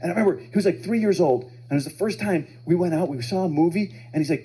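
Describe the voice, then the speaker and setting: A man's voice: a little high, fast talker, dark tone, poor audio. A man doing a stand-up comedy set live on stage, telling family stories and acting out his kids' voices.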